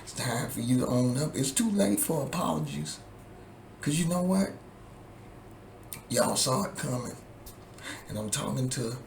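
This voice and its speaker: A man's voice: mid-range voice, measured pace, long pauses, a little mellow, a little hiss or hum. A man in a vlog, delivering an angry, profane political rant that keeps circling back to the same points. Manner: profane, heated, repetitive. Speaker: vlogger. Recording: echoey room with faint ambience.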